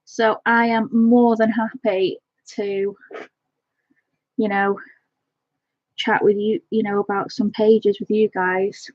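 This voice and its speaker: A woman's voice: mid-range voice, flat delivery, takes it slowly, pauses often, a little mellow, no echo. A woman colouring on a live stream, chatting fondly and greeting viewers by name. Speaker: livestream colouring host. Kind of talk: casual live-stream chat while colouring. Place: home. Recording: dull, lo-fi home stream audio.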